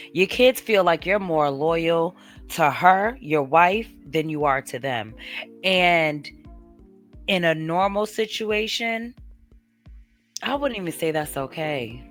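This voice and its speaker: A woman's voice: fairly low pitch, fairly bright tone. A woman commenting on a story she just heard, indignant and emphatic. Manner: indignant, emphatic, swooping reactions. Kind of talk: reaction commentary.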